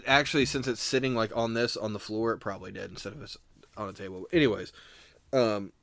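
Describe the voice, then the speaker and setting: A man's voice: lowish voice, fast, creaky, a bit bright, no echo. A man co-hosting a casual podcast, telling stories in a rambling, self-correcting way and mimicking what others said. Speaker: podcast co-host. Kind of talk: casual chat.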